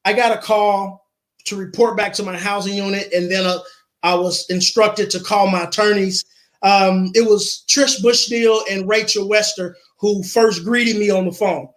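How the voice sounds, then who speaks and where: A man tells his own story with sincerity during an online interview, echoing key phrases to stress them. His voice sits high and fairly bright, with a steady tone and normal speed.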